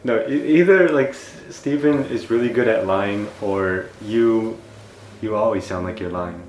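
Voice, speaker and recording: A man's voice: on the low side, a little slow, a little mellow. A man hosting a podcast, moderating the argument in a wry, skeptical way. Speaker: podcast host. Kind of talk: casual comedic banter. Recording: roomy with faint noise.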